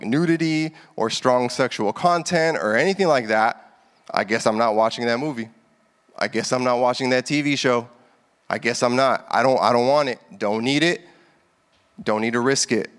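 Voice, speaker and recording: A man in his thirties preaches to his congregation in an easy, chatty way. He grows animated and heated as he makes his points. His voice rings out with a long reverb in a large hall. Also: mid-range voice. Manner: conversational, animated, builds to heated emphasis. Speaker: pastor. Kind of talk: casual sermon.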